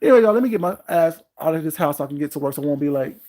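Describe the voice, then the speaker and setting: A man's voice: fairly high pitch, lively intonation, racing, mellow. Heated, profane man ranting on his vlog. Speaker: vlogger host. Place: at home.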